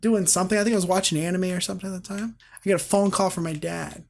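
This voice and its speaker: Animated young man telling a story. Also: sits high, gravelly. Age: 20s. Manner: animated, halting retelling with repeated starts. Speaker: podcast guest. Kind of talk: casual storytelling.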